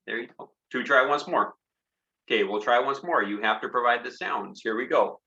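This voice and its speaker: A man's voice: medium pitch, moderate pace, bright, forceful tone. A man, a children's poet and songwriter, reading his poems aloud for families in a playful, encouraging way and inviting the listeners to join in with sound effects. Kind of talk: interactive poetry reading for children. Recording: slightly dull, lo-fi online concert recording.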